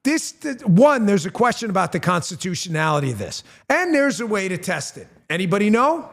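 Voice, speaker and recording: Very animated and quick, with a somewhat bright voice, this middle-aged political commentary host talks bluntly and grows heated. When angry he swears and his pitch climbs.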